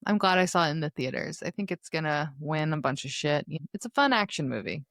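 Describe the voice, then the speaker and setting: Woman in her thirties, podcast co-host, fairly low voice, dry close mic, wry deadpan chat. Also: a little fast, dry recording. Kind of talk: casual chat.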